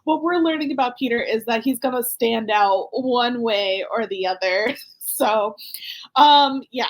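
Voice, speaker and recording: A high-voiced woman hosts a podcast in a loose, chatty way. She talks with lively energy and breaks into laughter often. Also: a little slow. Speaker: podcast host. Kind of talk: casual recap chat.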